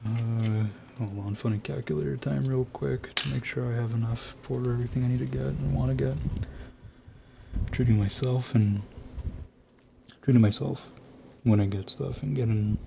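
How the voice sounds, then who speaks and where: A man's voice: mid-range voice, fairly even intonation, fairly quick, creaky, few pauses, background noise. A man with a nasal voice chatting casually as a streamer, rambling, swearing a lot and laughing at himself. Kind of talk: casual late-night rambling chat.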